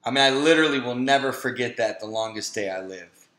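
A man's voice: mid-range voice, fast talker, fairly bright tone. A man in his thirties giving a motivational webinar talk, telling a personal story and acting out the voices he quotes. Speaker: webinar speaker. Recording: echoey room.

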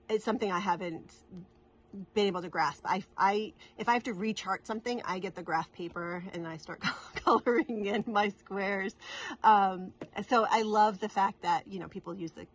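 A middle-aged woman from New England, chatting casually to camera in a rambling, giggly way with many restarts. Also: medium pitch. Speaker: cross-stitch vlogger.

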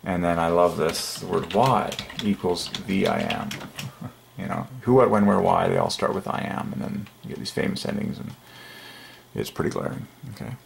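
A man with a very deep, heavily gravelly voice delivers an excited religious monologue straight to his viewers. He talks emphatically and keeps breaking into little chuckles. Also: moderate pace, a little hiss or hum. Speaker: channel host. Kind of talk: casual religious monologue to camera.

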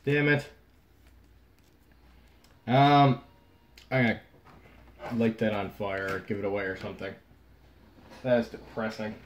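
A young man casually talking through opening trading card packs on a vlog, frustrated, swinging between low muttering and sudden outbursts. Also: normal speed, pauses often. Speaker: card pack opener.

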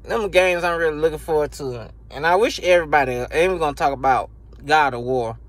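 A man's voice: a little high, a little fast. A man ranting casually and profanely to camera about video games, laughing often, recorded on a phone. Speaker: gaming YouTuber.

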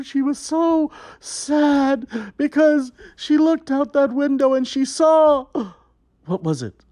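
A man performing a children's story, telling it in an exaggerated, melodramatic way with gasps and mock horror and talking straight to young viewers. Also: very high voice. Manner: animated, jokey, talks straight to young viewers. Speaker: balloon artist and children's performer.

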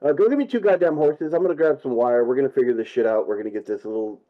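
A man's voice: mid-range voice, very fast, muffled recording. A man playing in a tabletop game, with a dry, joking way of talking. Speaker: player. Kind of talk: casual tabletop role-play banter.

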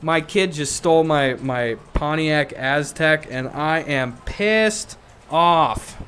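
Guy doing a drunk cranky office lady, grumbles slow. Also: on the high side, a bit bright, a little hiss or hum. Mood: grumpy. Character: drunk grumpy middle-aged office woman.

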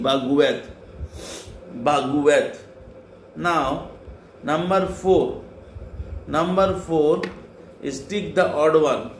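A male French teacher, patiently repeating each word and spelling it out letter by letter for a class. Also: a little high. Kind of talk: slow classroom dictation, spelling words letter by letter. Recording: echoey classroom with faint hum.

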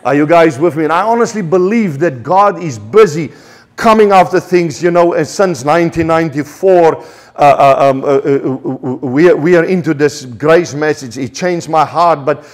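Male preacher, South African accent, fervent and halting, slightly high voice. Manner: passionate, repetitive, with stammered restarts. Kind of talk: sermon.

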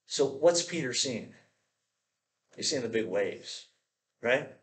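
A pastor preaching a sermon, animated and playful, often acting out the voices of the people in his stories. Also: mid-range voice, takes it slowly, reverberant.

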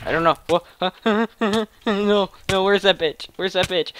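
A young man giving excited, shouting gameplay commentary with a gravelly voice. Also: high-pitched, slow pace, a little hiss or hum. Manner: shouting, laughing, hyper reactions. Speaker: gaming channel host.

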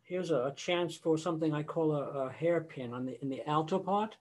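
Older male choral conductor, slightly high voice, chatty lecturing over a video call, sings snippets to illustrate points. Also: brisk, a little mellow. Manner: conversational, sings example phrases mid-explanation.

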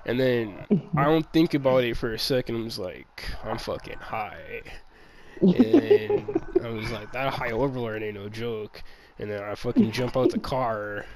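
A man's voice: mid-range voice, big pitch swings, measured pace, low-quality recording. A man casually telling a rambling, profanity-laced story, acting out bits of dialogue, with crowd chatter behind. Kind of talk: casual chat.

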